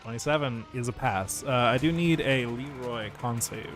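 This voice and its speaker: A man's voice: medium pitch, moderate pace, a bit bright, soft background music. A man running a tabletop game as game master, joking and ruling on dice rolls.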